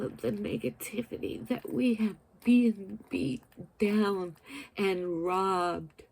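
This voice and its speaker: A woman in her fifties speaks slowly and deliberately, her voice mellow and warm. As a vlogger, she talks directly to her viewers with an earnest, emotional sincerity and an unhurried pace. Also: medium pitch, creaky. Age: 50s. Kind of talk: heartfelt spiritual talk to camera.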